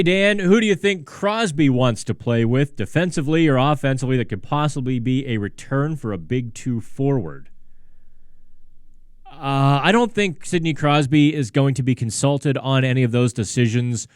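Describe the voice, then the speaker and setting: A man's voice: medium pitch, dry recording. A male sports host talks through viewer questions on a live hockey stream. His voice sits in the middle range and the studio sound is dry and close. He speaks in loose, conversational runs, full of restarts and asides. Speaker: sports talk show host.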